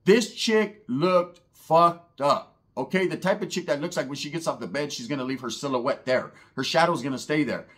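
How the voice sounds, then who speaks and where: A man's voice: medium pitch, quick pace, few pauses, a bit bright. A man telling a comedic story in a profane, slang-heavy, rambling way.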